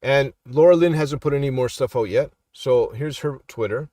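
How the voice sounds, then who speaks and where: A man's voice: mid-range voice, normal speed, dark tone, dry recording, clean studio sound. A middle-aged man, a street minister, chatting casually as he reads posts aloud and keeps asking "all right?" in a preachy way. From Canada. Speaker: street minister and YouTube commentator. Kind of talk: casual live commentary reading online posts.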